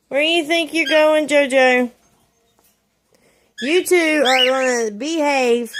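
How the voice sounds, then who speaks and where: A woman talking to her pet birds at home. She switches between coaxing baby talk and scolding. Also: sits high. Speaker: pet owner vlogger. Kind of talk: casual home video. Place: at home with ceiling fan running. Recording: loud fan noise at home.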